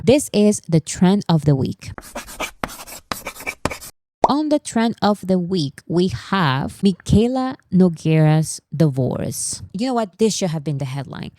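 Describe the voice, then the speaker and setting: Woman vlogger, low mellow voice, dry close sound, chatty commentary full of asides. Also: no room sound. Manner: chatty, rambling, with frequent asides and self-corrections. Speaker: pop culture vlog host. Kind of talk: casual pop culture commentary.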